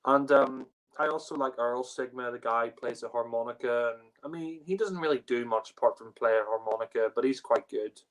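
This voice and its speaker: A man's voice: medium pitch, a little fast, hardly any pauses, poor audio. A man giving a casual spoken review, rambling with lots of fillers and restarts. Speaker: podcast panelist reviewing a TV story.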